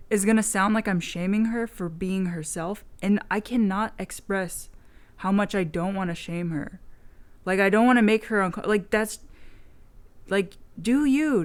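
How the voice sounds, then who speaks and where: A woman's voice: mid-range voice, a little mellow. A woman video blogger in casual chat, telling a rambling story frankly and swearing freely.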